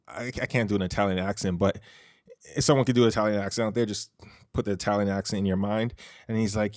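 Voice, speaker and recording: On his own casual podcast, a fast-talking man with a low, darkish voice rambles through a solo monologue, full of "like," "you know," and restarts. The close-miked studio sound is clean, with no echo.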